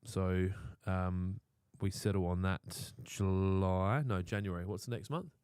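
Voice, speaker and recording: Brash, profane Australian man, lowish voice. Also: steady tone, unhurried, a little mellow, clean tone, no room sound, studio quality. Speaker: podcast co-host. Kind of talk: crude casual chat.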